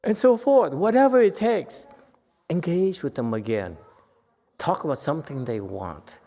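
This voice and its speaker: In a temple hall with a long, ringing reverb, a male Dharma teacher speaks to his class in a voice on the high side at a measured pace. He is earnest and gradually becomes emphatic and animated, laughing along the way.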